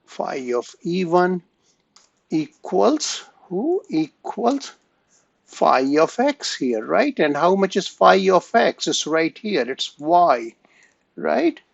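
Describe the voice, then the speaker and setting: A man giving an online math lesson at an unhurried pace, his voice gravelly and rising and falling a lot as he checks in with the class. He pauses and restarts often. The recording is dull and dry, with no room sound. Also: high voice, big pitch swings, no echo. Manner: slow, halting, frequent "right?" and "okay?" checks. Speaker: math lecturer. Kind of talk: online lecture.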